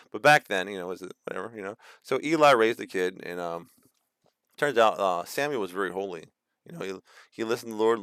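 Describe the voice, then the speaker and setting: Male, 30s, rambling casual rant, lots of fillers; low, smooth, dry close sound. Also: fairly bright tone, dry recording. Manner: rambling, with many fillers and restarts; acts out quoted voices mockingly. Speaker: video host. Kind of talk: casual ranting monologue.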